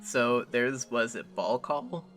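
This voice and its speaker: A man's voice: medium pitch, takes it slowly, a bit bright, faint music behind. A young man co-hosting a podcast, joking, swearing and bickering in casual chat. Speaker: podcast co-host.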